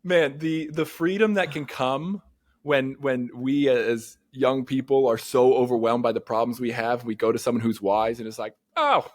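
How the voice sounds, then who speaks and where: A man, a therapist co-hosting a podcast, talking casually and telling earnest, animated stories. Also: medium pitch, moderate pace, dry recording. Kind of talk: casual conversation.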